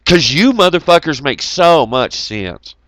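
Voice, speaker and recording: A man's voice: a little high, sing-song, a little slow, fairly bright tone, no echo. A middle-aged man hosting an online talk show, ranting heatedly with lots of swearing and mocking asides. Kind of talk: profane ranting monologue.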